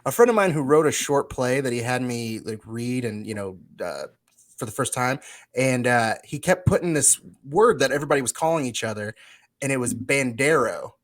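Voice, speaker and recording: A man's voice: mid-range voice, expressive, moderate pace. A man co-hosting a podcast, telling an anecdote in casual chat, with dry asides. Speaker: podcast co-host.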